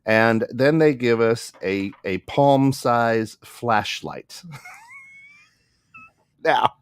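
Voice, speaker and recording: A man's voice: mid-range voice, takes it slowly, long pauses, clean tone, dry recording. A man co-hosting a podcast, telling a story in a casual way and acting out the other people in it. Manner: animated, acts out the other people in his story. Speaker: podcast co-host.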